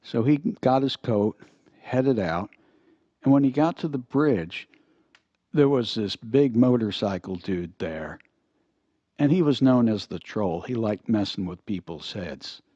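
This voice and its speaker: An older man telling a folksy story in an easygoing, unhurried way. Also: lowish voice, expressive, dark tone, no echo. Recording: dull, lo-fi dry recording.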